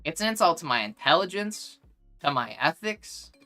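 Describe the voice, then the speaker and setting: Blunt, bright-voiced young woman streamer. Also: deep voice, very animated, normal speed, faint music behind. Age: young adult. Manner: blunt, exasperated ranting with frequent "like". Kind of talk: casual chat while gaming.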